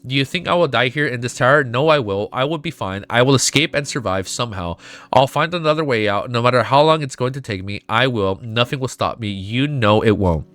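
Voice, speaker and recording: Nephis, read by a man, calm and resolute. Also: medium pitch, brisk, no echo, natural voice. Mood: resigned. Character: calm, resolute young woman warrior.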